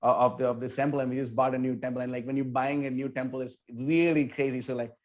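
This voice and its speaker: A man who leads a temple's book distribution team tells a story in a casual interview, talking in an animated way, full of "like" and "you know". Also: mid-range voice, fast talker. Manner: animated, filler-heavy, with many "like" and "you know".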